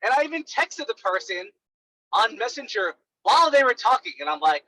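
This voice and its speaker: A man's voice: very high-pitched, sing-song, normal speed, pushed and bright, no echo, poor audio. A young man coaching sales calls in a casual, blunt monologue, full of fillers like "right" and "like".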